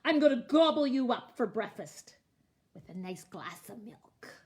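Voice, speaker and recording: A woman voicing a greedy, hungry male troll who roars and growls loudly in a storybook reading. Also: big pitch swings, slow pace, creaky, slight background noise, heavily acted. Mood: roaring greedy. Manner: roaring, growling, booming loud.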